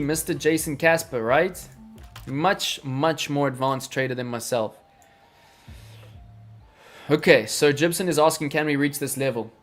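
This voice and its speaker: A man hosting a live crypto trading stream, talking energetically through charts and answering viewers in chat. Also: a little high. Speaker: crypto livestream host.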